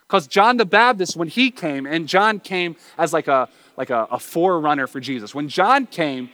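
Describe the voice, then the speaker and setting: A man delivering a sermon in a somewhat high voice. He preaches earnestly, dropping low and quiet, then climbing into raised, pleading calls. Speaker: pastor.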